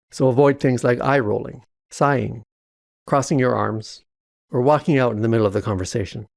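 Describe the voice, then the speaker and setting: Brief: male narrator, mid pitch, gravelly edge, dry close sound, calm instructive delivery. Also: no room sound. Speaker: self-help educator. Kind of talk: scripted narration.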